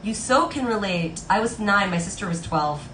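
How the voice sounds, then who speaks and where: Playing requested Disney songs on her live stream, a woman in her 30s reads out viewer comments and chats with them casually. She speaks at normal speed with a medium-pitched, expressive, slightly bright voice. Music plays in an echoey room, with slight background noise.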